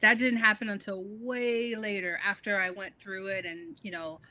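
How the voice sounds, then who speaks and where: A middle-aged woman from the northern United States talks as an author guest, chatty and animated. Her voice is bright and forward, and she laughs easily as her stories unfold. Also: medium pitch, moderate pace. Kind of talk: casual interview conversation.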